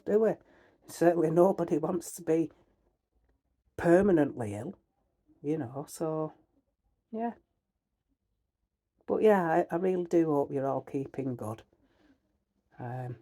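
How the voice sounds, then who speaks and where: A woman's voice: sits low, dark tone, slightly rough. A middle-aged woman with a Northern English accent, chatting bluntly to camera in a rambling way, full of fillers. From Northern England. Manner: heated, ranting. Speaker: vlogger. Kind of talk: casual chat to camera.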